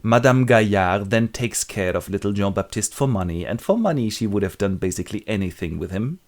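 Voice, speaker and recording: Man, book summary narrator, wry, joking, animated pitch. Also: brisk. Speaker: literature video host.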